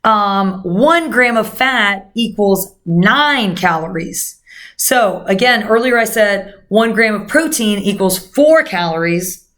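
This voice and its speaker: This time the coach sounds animated yet takes her time, her mid-range voice fairly bright. It's still a casual nutrition talk aimed right at viewers, packed with fillers and lots of "guys."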